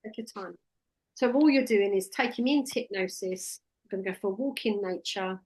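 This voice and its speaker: A woman coaching a trainee one-to-one. Her voice sits at a middle pitch, and she talks direct and practical, dropping into a softer, soothing tone when she quotes what she tells clients. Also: a little fast. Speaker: hypnotherapy trainer. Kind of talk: casual one-to-one teaching.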